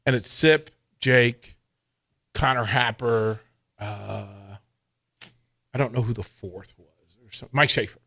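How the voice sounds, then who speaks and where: A man's voice: medium pitch, takes it slowly, long pauses, sharp tone. A man hosting a sports radio show, telling a story in a casual chat, laughing often and using casual slang as he acts out quotes.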